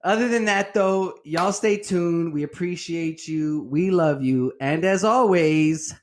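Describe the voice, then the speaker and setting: A man's voice: fairly high pitch, slow. A man co-hosting a comedy podcast, bantering in a playful, slangy way. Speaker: podcast co-host. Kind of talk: casual comedic chat.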